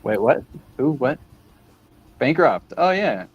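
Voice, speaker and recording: A man's voice: mid-range voice, big pitch swings, slow, pauses often, slightly rough, no echo. A man hosting a casual chat while drawing, playful and goofy, with mock-offended banter. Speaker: host.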